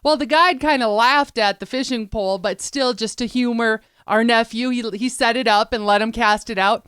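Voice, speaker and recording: A woman's voice: a little high, normal speed, a bit bright, clean tone, no room sound, studio quality. A woman co-hosting a show, chatting casually about news stories. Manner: chatty, storytelling, laughs easily. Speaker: co-host.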